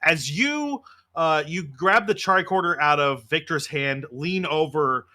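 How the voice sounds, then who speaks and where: Bright-voiced male game master. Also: on the high side, animated, a little slow. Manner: casual, many fillers. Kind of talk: narrating a tabletop game.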